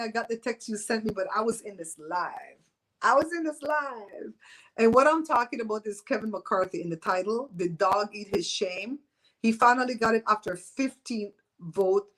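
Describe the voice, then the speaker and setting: Chatting casually with her livestream audience from home, a woman from Belize in her fifties is loose, teasing and full of opinions. She speaks at a fairly high pitch, captured on a low-quality recording.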